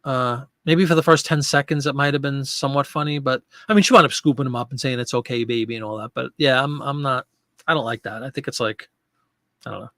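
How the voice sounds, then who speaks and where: A man's voice: medium pitch, a little fast, pushed and bright, no echo. A middle-aged man hosting a casual live chat show, chatting and answering viewer comments. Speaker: host of a live chat show for online sellers.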